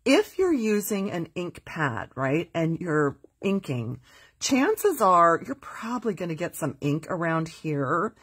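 Chatty woman, low breathy voice. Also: sing-song, slow. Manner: chatty, upbeat, reads viewer comments aloud. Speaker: crafting host. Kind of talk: live stamping tutorial.

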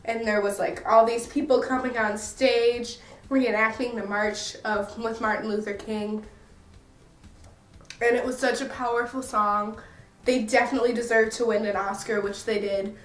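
A woman's voice: a little high, steady tone, moderate pace, recorded from a distance. A young American woman vlogging in a casual, rambling and self-mocking way. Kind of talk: casual chatty review. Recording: echoey room, a bit off-mic.

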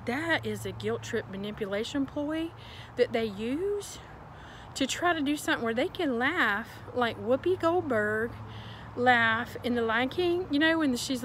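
A woman ranting casually to her viewers, animated and exasperated, in a folksy storytelling way. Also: a little high, a little hiss or hum, poor audio. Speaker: vlogger. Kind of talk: casual rant to camera.

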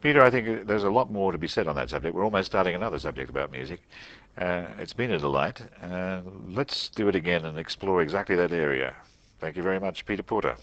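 A man hosting an interview, measured in his questions and telling anecdotes at an easy pace. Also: low voice, lively intonation, fairly bright tone. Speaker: interview host. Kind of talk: conversational interview. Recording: dull lo-fi dry recording.

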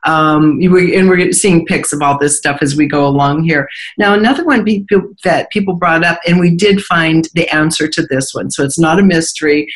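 A woman's voice: low voice, normal speed, few pauses. A woman hosting an interview, chatting casually and swapping stories and fun examples with her guest. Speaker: host.

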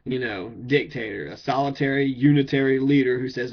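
A man's voice: medium pitch, a little fast, few pauses. Heated man ranting, lo-fi. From Kentucky. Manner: blunt, heated, swearing, rhetorical questions. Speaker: political speaker. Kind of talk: profane political rant. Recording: dull lo-fi recording.

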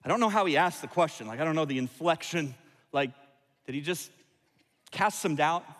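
A man's voice: a little high, animated, moderate pace, fairly bright tone. Man preaching in a reverberant hall. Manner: conversational, wry preaching with asides. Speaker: pastor. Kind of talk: sermon. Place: large church auditorium.

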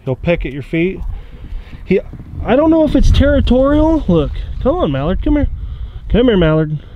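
A middle-aged man with a fairly high voice speaks in a loose, folksy, rambling way. He films a casual outdoor vlog on a rural property, and faint ambient noise sits behind him. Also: very animated, normal speed, narrow, tinny audio. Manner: folksy and rambling, talks to his pet duck. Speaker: duck-hunting guide and vlogger.

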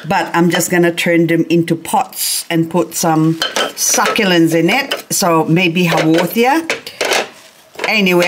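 Slow, low-pitched woman chatting at home. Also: noisy background. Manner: soft, slow and chatty, baby-talks to her pet bird. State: grieving, recently teary. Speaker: gardening vlogger. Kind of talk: casual chat to camera. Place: home, indoors.

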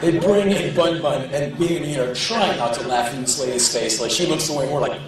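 A man telling a story on stage in an animated, profane way, chuckling as he goes. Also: a little high, a little fast, distant mic. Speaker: spoken-word performer. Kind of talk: live comic storytelling. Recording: echoey live hall, voice heard from afar.

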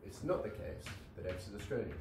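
A man delivers a university logic lecture, working through examples and tossing in "right?" between his fillers. His voice sits low and sounds expressive, moving a little fast over a noisy background. The recording is distant and echoey, with faint ambience in the room.

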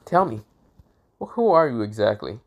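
A man's voice: mid-range voice, very animated, moderate pace. Man reading as a teenage schoolgirl, pushy, prying, indignant. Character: pushy teenage girl classmate, curious and snappy.

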